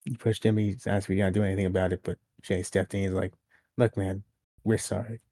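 A lower-pitched man with a dark, mellow tone talks through a wrestling episode in a loose, chatty podcast style. He recaps events at length and slips into quoted lines as he goes. The sound is dry and close. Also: little pitch movement, rapid-fire, no echo. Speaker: podcast co-host. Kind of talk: casual wrestling review chat.

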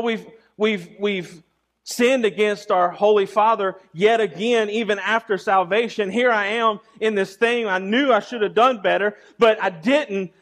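A man's voice: sits high, fairly bright tone. A young adult male pastor preaching a sermon earnestly, often repeating words and asking the congregation rhetorical questions.

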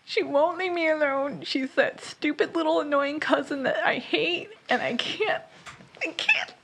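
Woman doing a squeaky, whiny, frazzled pet dog, a bit off-mic. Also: measured pace, creaky, fairly bright tone, slight background noise, exaggerated voice. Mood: stressed, whiny. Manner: high, whiny complaining.

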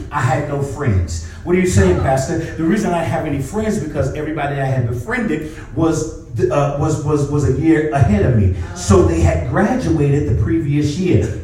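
High-voiced preacher man in echoey hall. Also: a little hiss or hum. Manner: animated preaching, breaks into shouts, repeats phrases. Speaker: pastor. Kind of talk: sermon with personal story. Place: church sanctuary. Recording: echoey hall, mic at a distance. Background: congregation responding.

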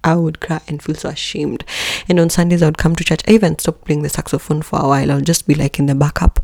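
A woman hosting a podcast, telling a personal story in a candid, expressive way, with joking asides to listeners. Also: fast talker, creaky, dry recording. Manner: candid and expressive, with jumps in pitch and level. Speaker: podcast host.

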